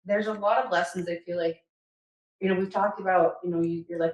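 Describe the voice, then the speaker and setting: A woman co-hosts a podcast in casual, heartfelt conversation, speaking in a low register. She rambles warmly and emotionally, leaning on "like" and "you know". Her voice rings in a roomy, echoey space. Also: little pitch movement, fast talker. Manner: emotional, rambling, many "like" fillers. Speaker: podcast co-host.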